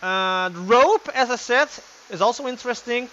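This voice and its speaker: A young man giving casual let's play commentary, excitable and thinking aloud. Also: very high-pitched, moderate pace, dull audio, a little hiss or hum.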